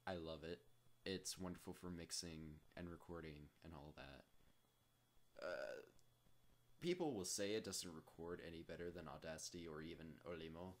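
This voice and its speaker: Low-voiced man rambling through a tutorial. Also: steady tone, moderate pace. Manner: rambling, self-deprecating, with jokey asides. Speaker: tutorial host. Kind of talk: casual software tutorial.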